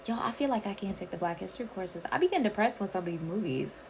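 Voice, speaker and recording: Caribbean-raised woman livestreaming, chatty, says y'all a lot, bit of vocal fry, faint hiss behind. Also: medium pitch, lively intonation, brisk, a little mellow, low-quality recording. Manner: chatty, addresses viewers as y'all. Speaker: livestream host. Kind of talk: casual livestream chat.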